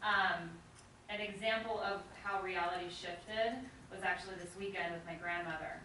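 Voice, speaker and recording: Woman, chatty and halting, full of "like", far from the mic, heavy echo, clear noise behind. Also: lowish voice, fairly even intonation, bright, forceful tone. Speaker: seminar participant. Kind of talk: sharing a personal story. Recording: echoey room from far off with noise.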